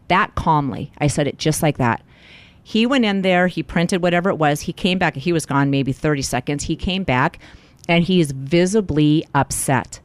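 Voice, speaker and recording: Speaking at an ordinary pace in a low voice, this woman, a middle-aged life coach, recounts a personal story for an interview. She's an animated storyteller who performs the other people's lines, and there's no room sound.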